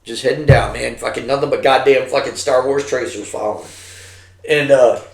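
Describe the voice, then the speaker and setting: A man's voice: mid-range voice, moderate pace, gravelly, slight background noise. Profane middle-aged veteran man, roomy sound. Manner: heavily profane, animated, acts out quotes. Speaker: army veteran telling war stories. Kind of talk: casual storytelling over drinks. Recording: roomy echo.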